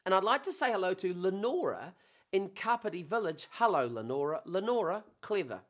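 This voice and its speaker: A man hosting a casual, playful monologue, rambling warmly between jokes and memories. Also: sits high, big pitch swings, brisk. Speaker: host.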